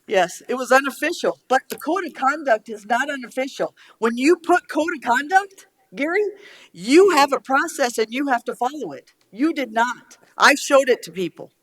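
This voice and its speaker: A woman's voice: sits high, lively intonation, normal speed, fairly bright tone. A middle-aged woman speaks at a county board meeting in a blunt, angry rush. She swears freely and argues back hard, emotional and straight to the point. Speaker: county commissioner. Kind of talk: heated speech at a public meeting.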